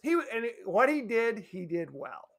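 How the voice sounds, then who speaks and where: A man's voice: very high-pitched, big pitch swings, normal speed. A man co-hosting a horror movie podcast, chatting casually and acting out scenes with exaggerated voices. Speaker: podcast co-host.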